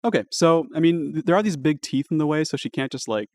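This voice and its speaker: A man's voice: fairly high pitch, animated, quick pace, a little mellow, no echo, studio quality. A man narrating as dungeon master at a live tabletop game, talking casually with lots of fillers.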